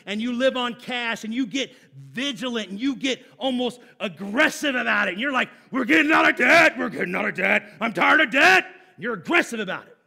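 A man's voice: sits high, sharp tone. A man, a pastor, preaching a sermon in a conversational, emphatic way with everyday examples.

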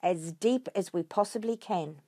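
A woman voicing a brave, quick-thinking male fox father in a read-aloud storybook, urgent and commanding. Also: on the low side, warm tone, no room sound, studio quality.

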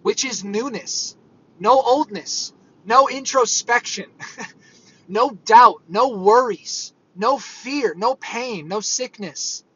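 A man's voice: very high-pitched, slow pace, sharp tone, slightly rough. A man giving an earnest, conversational sermon that rambles with fillers, on dull lo-fi audio. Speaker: preacher. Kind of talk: informal sermon.

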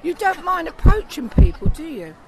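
A woman chatting on the street, a lively storyteller who acts out what others said. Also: extremely high pitch, moderate pace, crowd noise. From England. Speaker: passer-by. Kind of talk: casual street chat. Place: outdoors on a city street. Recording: loud street noise.

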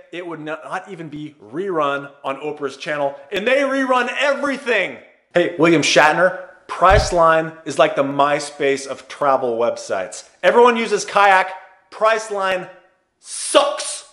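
A man ranting in a high, lively voice, mocking and swinging wildly in pitch. It sounds like an older vlog clip recorded in an echoey room. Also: measured pace. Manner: animated, mocking rant.

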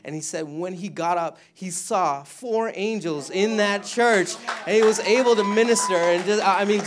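A man stands before a church gathering to share a testimony, his voice sitting a little high. He rambles, stumbles over his words and laughs often as he goes. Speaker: mission trip member giving testimony. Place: church service.

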